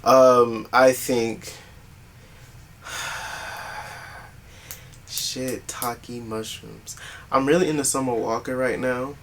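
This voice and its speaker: A young man with a medium-pitched voice, co-hosting a relaxed podcast chat. He teases the others and jumps in quickly with jokes. Faint background noise runs under his voice. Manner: teasing, quick to joke. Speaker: podcast co-host. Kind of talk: casual chat.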